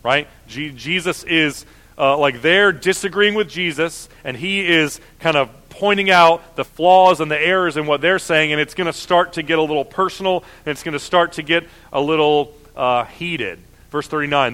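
A man's voice: fairly high pitch, moderate pace, sharp tone. A man preaching a sermon in a conversational way, often acting out the voices of objectors. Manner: conversational, with frequent fillers and mock voices of objectors.

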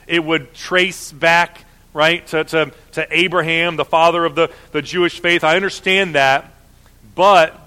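Bright-voiced male preacher, conversational. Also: on the high side, normal speed. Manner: conversational, with frequent fillers and mock voices of objectors. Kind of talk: sermon.

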